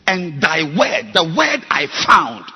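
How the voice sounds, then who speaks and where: A man preaching a sermon, his voice bright and cutting. He swings between hushed, confiding passages and shouted peaks. His tone carries a strong rasp throughout. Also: a little high, wildly swooping pitch, takes it slowly. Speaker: pastor.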